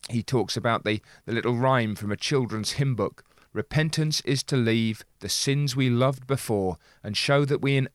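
A man's voice: medium pitch, dry recording. Earnest man discussing a sermon, dry sound. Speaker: preacher commenting on a sermon. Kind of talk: reflective sermon commentary.

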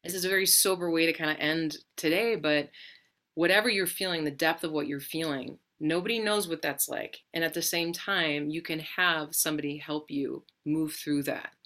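A woman with a low voice offering gentle, reassuring reflections. She speaks slowly and deliberately, in a calm spiritual tone.

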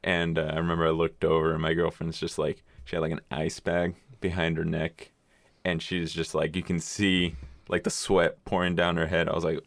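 A man's voice: sits low, monotone, moderate pace, no echo. A young man telling stories in a casual chat, swearing freely and laughing as he goes.

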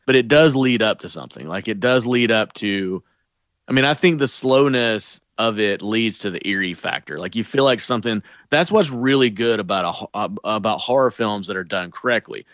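Lively low-voiced man, blunt movie talk. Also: normal speed, no echo, clean studio sound. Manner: opinionated, blunt, profane. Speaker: podcast co-host. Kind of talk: casual movie discussion.

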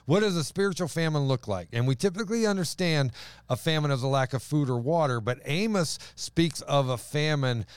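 A man hosting a casual Bible discussion, animated and emphatic, acting out scripture lines. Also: a little high, a little fast, clean tone, no echo. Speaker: podcast host.

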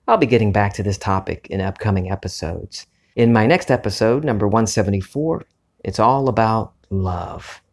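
Gravelly-voiced man hosting a spiritual podcast. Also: fairly low pitch. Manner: calm, earnest, unhurried. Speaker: podcast host. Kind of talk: reflective spiritual talk.

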